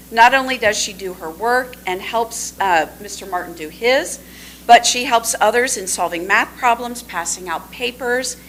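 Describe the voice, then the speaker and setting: A woman presenting a student award at a school board meeting, reading teachers' tributes with warm, gushing praise. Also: fairly high pitch, slight background noise, poor audio. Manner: warm and gushing, trails off to a hush when aside.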